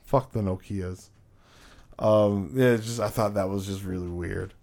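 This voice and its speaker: Gravelly-voiced man in casual, profane podcast chat. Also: lowish voice, unhurried. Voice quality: gravelly, profane, laughs often. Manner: excitable, swings between loud bursts and muttered asides. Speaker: podcast co-host.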